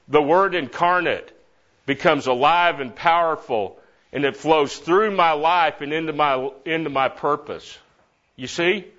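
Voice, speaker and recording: A middle-aged man teaching a Bible class, lively and repeating verses while stressing different words. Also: on the high side. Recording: dull lo-fi recording.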